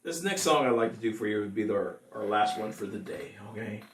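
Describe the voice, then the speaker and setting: A man's voice: on the low side, lively intonation, fairly quick, a little hiss or hum. A man, a singer-songwriter, chatting casually with viewers between songs, rambling and laughing often. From California. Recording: echoey room, mic at a distance.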